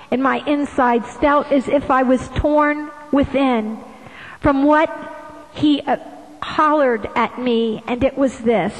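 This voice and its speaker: A woman giving a slow devotional address, often slipping into hushed whispers. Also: sits high, long reverb tail, low-quality recording. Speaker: visionary sharing devotional messages.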